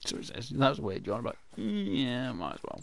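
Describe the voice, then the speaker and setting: A man's voice: medium pitch, wildly swooping pitch, moderate pace, vocal fry. A man chatting to himself over gameplay, rambling and answering his own questions in silly voices. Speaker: gaming channel host. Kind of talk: casual gameplay commentary.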